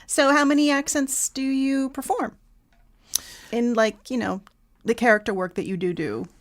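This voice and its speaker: A woman's voice: a little high, fairly even intonation, normal speed. A woman hosting an interview podcast, asking friendly questions and laughing easily. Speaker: podcast host. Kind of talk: casual interview chat.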